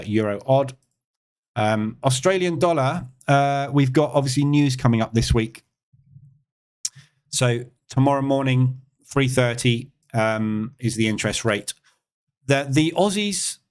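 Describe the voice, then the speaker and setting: A man's voice: mid-range voice, unhurried, clear, resonant tone. A man hosting a live trading stream, giving casual market commentary and thinking aloud with many fillers and asides.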